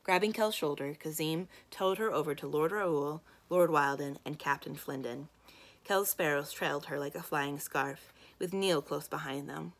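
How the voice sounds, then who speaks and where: A woman librarian reading a children's book aloud in calm, steady narration. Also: sits low, normal speed.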